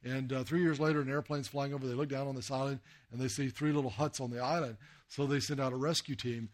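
A man's voice: medium pitch, steady tone, fast. A man from the United States, a missionary preacher, telling a folksy story in a sermon and acting out the dialogue.

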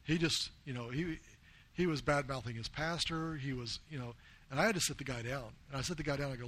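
A man from the United States preaches a sermon as a missionary, talking fast in a mid-range, slightly bright voice. He tells earnest stories and quotes people in his own plain voice.

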